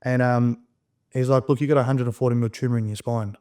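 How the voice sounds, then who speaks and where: Fast-talking man telling a story. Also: medium pitch, smooth. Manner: rapid, animated, profane storytelling, acting out quoted dialogue. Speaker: podcast guest. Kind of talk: casual storytelling conversation.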